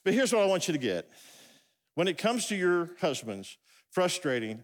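A man's voice: high voice, very animated, normal speed. A middle-aged man preaching a sermon, telling a comic story with asides and stumbling restarts. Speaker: pastor. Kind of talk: humorous sermon. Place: large church hall. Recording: long hall reverb.

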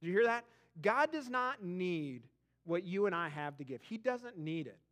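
Pastor, man, thirties, light high voice, animated storyteller who stumbles and repeats words. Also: normal speed. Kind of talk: sermon. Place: church auditorium.

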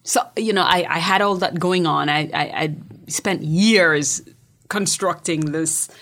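Jamaican woman talking real open about her life, low voice, kinda emphatic, repeats herself. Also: measured pace, fairly bright tone. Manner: emphatic, repeats words when starting sentences. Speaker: poet and memoirist guest. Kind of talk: candid personal storytelling.

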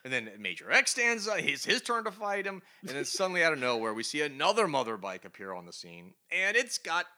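Guy on a comics podcast, kinda high voice, laughing and reading lines out loud. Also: fairly quick, hardly any pauses. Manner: animated, laughing, reading comic dialogue aloud. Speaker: podcast co-host. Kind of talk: casual comic book review chat.

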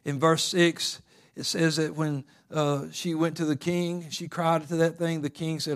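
A male preacher with a fairly high voice delivers a sermon. He swings between hushed, intimate passages and loud, fervent exhortation, repeating phrases for emphasis. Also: flat delivery, unhurried. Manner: builds from quiet talk to loud fervent preaching.

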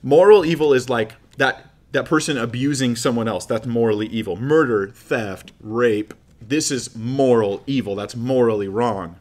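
Animated man teaching on faith. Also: medium pitch, moderate pace. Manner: animated, acts out dramatic scenes; asks the audience rhetorical questions. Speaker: Christian teacher. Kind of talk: apologetics teaching talk.

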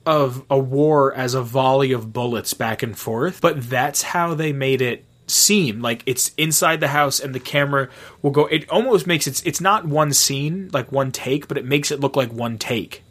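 A young man in casual conversation, excitedly retelling a movie's scenes, full of fillers and swearing. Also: medium pitch, normal speed.

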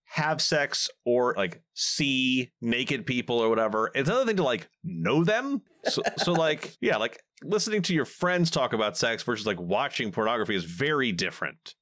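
A man's voice: medium pitch, a bit bright, no room sound, studio quality. A man playing in a tabletop game, talking casually in a rambling way. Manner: rambling, filler-heavy, laughing. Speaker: player. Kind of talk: casual chat.

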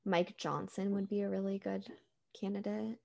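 A young woman co-hosting a podcast in a laid-back, chatty way, her mid-pitched voice rough with vocal fry. She leans on casual fillers as she talks. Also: little pitch movement, normal speed, a little mellow. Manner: casual, says "dude" and "like" a lot. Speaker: podcast co-host. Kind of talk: casual chat.

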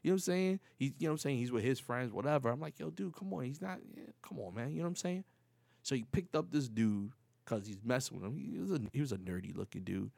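Gravelly New man telling stories. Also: mid-range voice, fast, no echo. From New York City. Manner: animated, profane street slang, acts out quoted dialogue. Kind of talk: casual storytelling.

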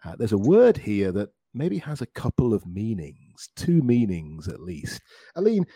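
Lively-voiced man teaching English pronunciation. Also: on the low side, slightly rough, no room sound, studio quality. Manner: encouraging, repeats words slowly for practice. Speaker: English teacher and podcast host. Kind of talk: podcast pronunciation lesson.

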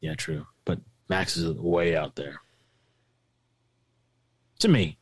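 A man's voice: low-pitched, slow pace, husky, no room sound. A man in casual movie chat who talks bluntly and swears freely.

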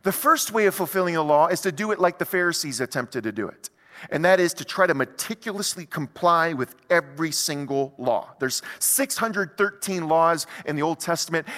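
Pastor guy preaching, chatty and animated, kinda high voice, big echoey church hall. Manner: conversational, animated preaching with rhetorical questions. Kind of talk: sermon.

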